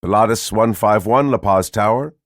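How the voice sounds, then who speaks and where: Matter-of-fact tower controller, formal radio cadence , read by a deep male narrator, dry close sound. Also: moderate pace, no room sound, lightly acted. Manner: formal, clipped radio phrasing. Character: routine air traffic controller on radio. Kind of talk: audiobook character reading.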